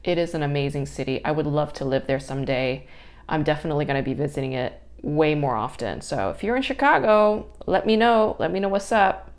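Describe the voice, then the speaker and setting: Young woman podcaster ranting and swearing, kinda low voice, gets real worked up. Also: fairly quick. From New York area. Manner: profane, exasperated, animated ranting. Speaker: podcast host. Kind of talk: casual storytelling podcast.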